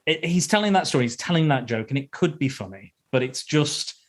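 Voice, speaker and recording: A man's voice: fairly high pitch, lively intonation, fairly quick. Rambling male podcast host. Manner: rambling, repeats himself, restarts phrases. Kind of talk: casual film review chat.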